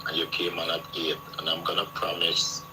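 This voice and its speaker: A male caller on a live chat, polite and winding up to his point. His voice is very deep. Clear background noise sits under the line. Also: completely flat delivery, brisk. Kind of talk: casual call-in chat.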